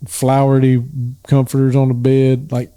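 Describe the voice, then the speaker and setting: A man's voice: mid-range voice, monotone, a little slow, dark tone, smooth. A man with a Southern American accent co-hosting a podcast, telling folksy, joking stories in casual chat. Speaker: podcast co-host.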